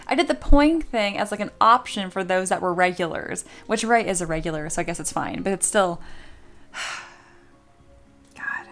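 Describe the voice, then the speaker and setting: A woman's voice: on the low side, lively intonation, brisk, hardly any pauses, soft background music. A young woman streamer chatting casually with her viewers, swearing and playing up dramatic mock outrage. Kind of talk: casual live-stream chat.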